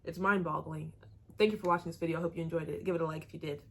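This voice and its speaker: American woman, young adult, low-ish voice, chatty exclaiming reaction host. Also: fairly even intonation, rapid-fire, heavy background noise. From United States. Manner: chatty, exclaiming, asks questions aloud. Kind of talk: casual reaction commentary.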